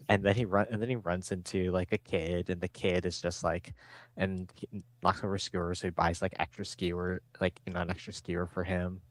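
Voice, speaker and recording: A man's voice: low-pitched, little pitch movement, normal speed, no echo. A man co-hosting a podcast, recapping an episode in casual chat, rambling with lots of fillers. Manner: rambling, filler-heavy, acts out quotes. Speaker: podcast co-host.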